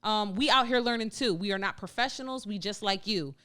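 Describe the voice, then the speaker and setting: A woman co-hosting a laid-back podcast conversation, her voice smooth and clean. She talks in an animated, expressive way, full of casual slang and lively storytelling. Her pitch sits in an ordinary middle range. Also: fairly quick. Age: adult with a young daughter. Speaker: podcast co-host. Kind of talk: casual chat.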